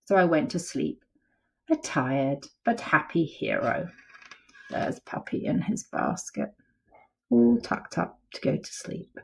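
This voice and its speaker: A woman reading a picture book aloud to children as a storyteller, lively and pointing out the pictures. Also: low-pitched, slow, vocal fry. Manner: lively, gives characters voices, points out pictures.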